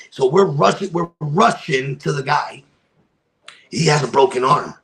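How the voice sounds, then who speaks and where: A man's voice: fairly high pitch, unhurried, fairly bright tone, rough recording. A man, a guest on a podcast, tells a dramatic personal story with emphasis and repeated phrases. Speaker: podcast guest from a wrestling promotion.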